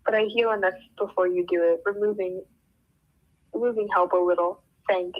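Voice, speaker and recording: A woman's voice: mid-range voice, steady tone, normal speed, phone-quality sound, natural voice. A woman voicing a small, earnest male alien engineer who speaks clipped, broken English and tags questions with the word "question".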